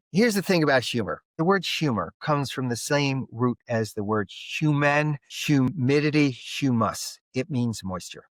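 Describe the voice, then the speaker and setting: A man's voice: mid-range voice, no echo. An older man with a Philadelphia and South Jersey accent and a nasal voice, telling stories as a podcast guest. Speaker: guest, conflict mediator. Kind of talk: storytelling in a podcast interview.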